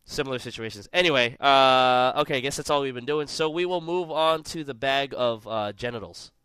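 Bright, crisp-voiced man hosting a podcast. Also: medium pitch, brisk, dry recording. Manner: rambling, jokey, lots of fillers. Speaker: podcast host. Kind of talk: casual podcast chat.

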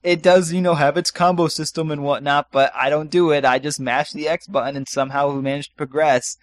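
A man's voice: fairly high pitch, steady tone, brisk, dry recording. Rambling man on a podcast, dry close mic. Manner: rambling, lots of ums and restarts. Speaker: podcast co-host. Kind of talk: casual chat.

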